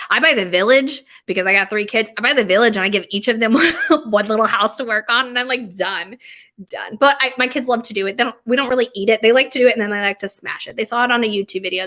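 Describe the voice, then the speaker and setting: A bakery owner in her thirties, with a voice on the high side, chats casually about family traditions. She rambles and laughs, sometimes dropping to a quieter tone.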